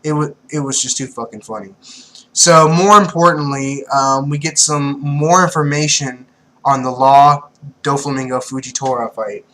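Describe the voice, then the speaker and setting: A young man giving casual, excitable manga commentary, swearing freely and laughing often. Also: mid-range voice, moderate pace, poor audio. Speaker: manga reviewer.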